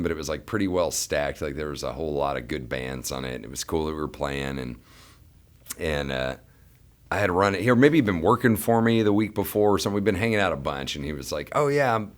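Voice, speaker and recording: A man's voice: rumbling low, brisk. A man in his thirties, a bandleader, telling a casual, profane story among friends and acting out the voices in it. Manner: animated, profane, acts out quoted voices. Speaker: bandleader and musician.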